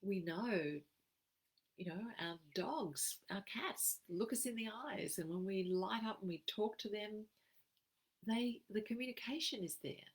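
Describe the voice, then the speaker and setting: An Australian woman giving an expressive, emphatic live-streamed wellbeing talk as a program facilitator. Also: mid-range voice, unhurried, husky, poor audio. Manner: expressive, emphatic, acts out quoted phrases.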